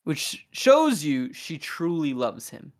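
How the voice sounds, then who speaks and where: Podcast host, casual film recap, animated delivery with quick character voicing. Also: medium pitch.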